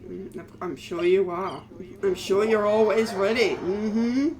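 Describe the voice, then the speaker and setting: A woman's voice: mid-range voice, steady tone, slow pace, a crowd in the background. A woman streaming a game, chatting playfully with a friend, joking and swearing. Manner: playful, swearing, laughing often. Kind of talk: casual gameplay chat.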